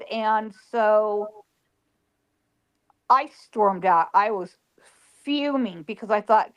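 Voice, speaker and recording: A woman's voice: on the high side, takes it slowly, muffled recording. A woman psychic, telling an emotional past-life story and quoting the people in it. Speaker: psychic guest.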